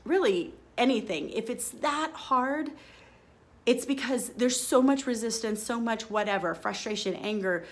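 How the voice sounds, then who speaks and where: A woman's voice: a little high, a little slow. Chatty woman telling a story. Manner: chatty and expressive, acts out her own quoted lines. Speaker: podcast host. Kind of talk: casual storytelling monologue.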